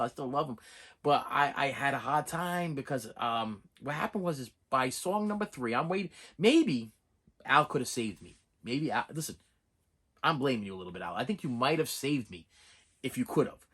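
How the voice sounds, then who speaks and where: A middle-aged movie-collector vlogger tells a long, rambling personal story to camera in a mid-range, somewhat breathy voice at a moderate pace. It's an animated, casual monologue full of repetition and restarted sentences.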